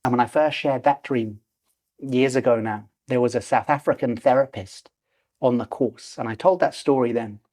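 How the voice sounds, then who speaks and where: A man's voice: mid-range voice, moderate pace, darkish tone. A man in his forties, a podcast guest telling a personal story animatedly and acting out the voices in it. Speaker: podcast guest, lucid dreaming teacher.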